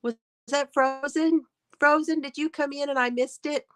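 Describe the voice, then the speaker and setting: A woman's voice: high voice, fairly even intonation, moderate pace. A woman hosting a casual crochet livestream from her phone, chatting, laughing often and greeting viewers by name.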